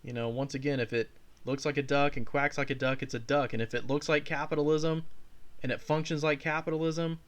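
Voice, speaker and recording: A man's voice: fairly high pitch, fairly even intonation, brisk. A man hosting a reaction video, sarcastic and profane, speaking straight to his viewers. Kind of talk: casual reaction commentary.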